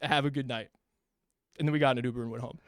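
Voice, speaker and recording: A man's voice: mid-range voice, steady tone, very fast, dry recording, studio quality. A man casually telling a long story, acting out the dialogue and swearing freely. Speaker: podcast host telling a story. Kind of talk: casual chat.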